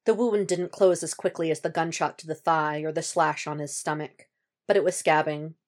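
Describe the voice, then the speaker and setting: Low-voiced woman reading a story. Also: fairly even intonation, normal speed. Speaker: podfic reader. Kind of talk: audiobook reading of fan fiction.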